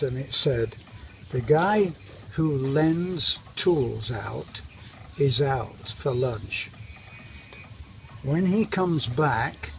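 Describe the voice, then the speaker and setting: A middle-aged British man telling a wry, self-mocking story in a casual vlog. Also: fairly high pitch. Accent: British English. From Britain. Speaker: expat vlogger. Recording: noisy outdoor recording.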